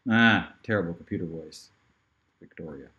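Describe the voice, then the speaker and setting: A man giving a casual online pronunciation lesson, playful and joking, drilling words slowly for the listener to repeat. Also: deep voice, dull audio. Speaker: pronunciation teacher. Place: outdoors in hot sun.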